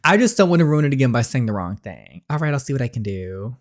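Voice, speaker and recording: A man voicing a calm young male love interest in a story game, in close to his own voice. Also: mid-range voice, fast, lightly acted.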